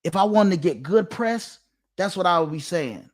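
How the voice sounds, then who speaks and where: A man's voice: high voice, expressive, moderate pace. A man giving a preachy direct-to-camera monologue, emphatic and repetitive, with a sermon-like cadence. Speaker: online commentator.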